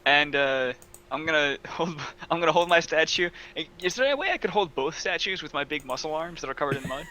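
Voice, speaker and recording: A man's voice: fairly high pitch, expressive, a little fast, pushed and bright, low-quality recording. A man playing a tabletop game, joking and counting out his moves. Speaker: player.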